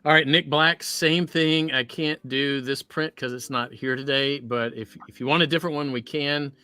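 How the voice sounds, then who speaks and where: Man, bright voice, chatty, jokey, rambling, casual livestream chat. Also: fairly high pitch, steady tone, normal speed, clear, resonant tone, no room sound. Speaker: voice actor signing prints.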